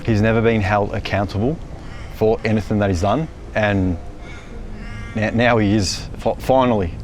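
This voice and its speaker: A man, a stressed tradesman talking haltingly on a building site, saying mate often. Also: lowish voice, fairly even intonation, darkish tone, soft background music.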